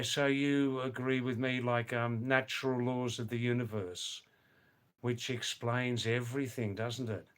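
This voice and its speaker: Slow-paced livestream host, 70s, mild Aussie accent, musing chat to viewers. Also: male voice, medium pitch, fairly bright tone. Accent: mild Australian. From Australia. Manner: unhurried, musing, pauses to address viewers by name. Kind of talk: casual live chat reading viewer comments.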